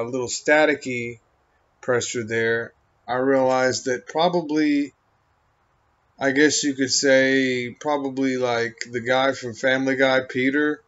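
A man in a halting, meandering stream-of-consciousness monologue, full of fillers and trailing thoughts. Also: mid-range voice, level tone. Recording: dull lo-fi recording.

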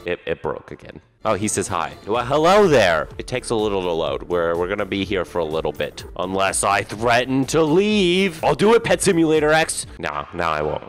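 Young guy commentating his game, voice jumps all over, jokey, stumbles on words, faint music behind. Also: medium pitch. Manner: animated, jokey, stammering restarts. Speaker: gaming video host.

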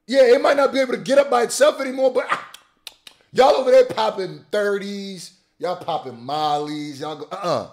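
A man, a rapper, giving casual, animated commentary full of slang and exclamations while reacting to a music video. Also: fairly high pitch, moderate pace.

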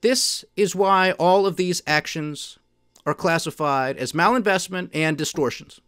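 Male podcast host, fairly high-pitched, emphatic and indignant. Dry, close sound. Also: measured pace, fairly bright tone, clear, resonant tone, no echo. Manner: emphatic, indignant, mocking quoted officials. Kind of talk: solo commentary.

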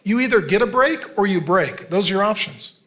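A man in his fifties preaching a sermon as a pastor, conversational, dropping to a near hush for emphasis. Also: sits high, animated, a little fast. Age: 50s.

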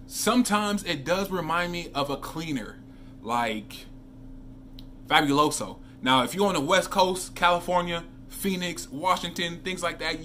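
A man with a slightly high voice vlogs casually while reviewing fragrances, chatting and telling animated stories with asides to his viewers. There's slight background noise.

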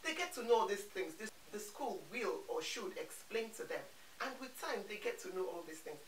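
A woman talks warmly and steadily to other parents, calming their worries and circling back over the same words to drive her point home. She sits some distance from the mic in an echoey room. A faint hiss runs under her voice. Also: medium pitch, normal speed. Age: adult parent of four. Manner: reassuring, repeats phrases for emphasis. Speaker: parenting vlogger. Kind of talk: advice vlog to camera.

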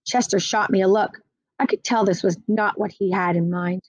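A woman's voice: mid-range voice, moderate pace, breathy edge, dry recording, rough recording. A woman reading a children's storybook aloud with expression. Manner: expressive, animated. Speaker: reader.

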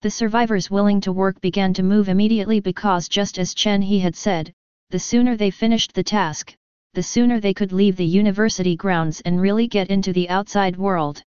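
A woman narrating a web novel audiobook in an even, steady reading voice. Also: mid-range voice, brisk, clean tone, no echo, muffled recording. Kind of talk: scripted narration.

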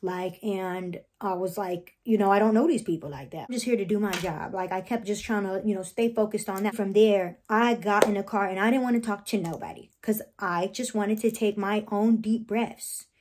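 A woman's voice: mid-range voice, a little mellow. Young woman venting about reality show drama, blunt and heated, cursing a lot, aave slang, mid-height voice. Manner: blunt, heated, swears freely, quotes herself and others. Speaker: reality show cast member telling her side. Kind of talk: casual talking-head vlog.

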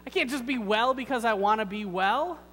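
A man's voice: very high voice, brisk, a bit bright, big-room sound, rough recording. A preacher putting on a fussy rule-bound lame man. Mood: exasperated. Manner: exasperated, lecturing about procedure.

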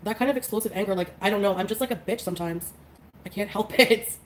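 A woman's voice: mid-range voice, fast talker, slight background noise, low-quality recording. A woman chatting casually on a livestream, congested and drowsy from flu medicine, rambling with lots of fillers and small laughs. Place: bedroom.

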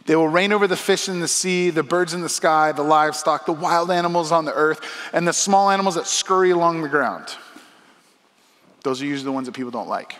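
A man preaching a sermon as pastor, talking to the congregation in a conversational way that swings from soft asides to loud, emphatic lines. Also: a little high, brisk, in a large hall. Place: church auditorium.

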